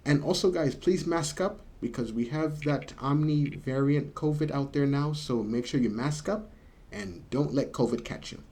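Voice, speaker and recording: A man hosting a casual video lesson, slowly drawing out words as he demonstrates them. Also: on the high side, a little mellow. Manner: slow, drawn-out demonstration of words. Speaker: language teacher and channel host. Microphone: camera mic.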